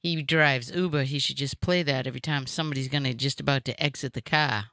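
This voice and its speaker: A woman's voice: a bass voice, steady tone, fast talker, fairly bright tone, no echo, studio quality. A woman hosting a comedy talk show, chatting in a joking, blunt way. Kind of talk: casual comedic chat.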